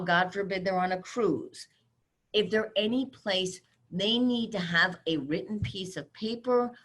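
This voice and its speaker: A middle-aged woman giving a webinar talk, handing out brisk, direct advice. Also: medium pitch, fairly bright tone. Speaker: webinar speaker on cybersecurity. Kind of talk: webinar presentation.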